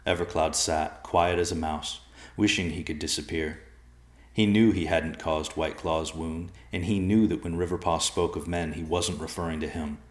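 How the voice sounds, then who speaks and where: A man giving a steady, measured audiobook narration of a fantasy tale. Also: deep voice, echoey room.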